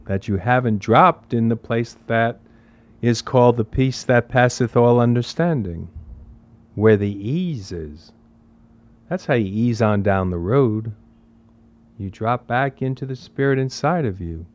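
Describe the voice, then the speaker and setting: A man of middle pitch gives a spiritual talk in a casual, emphatic manner. He drives his points home with repeated phrases and rhetorical questions. The recording sounds dull and lo-fi. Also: expressive, unhurried. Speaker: spiritual teacher.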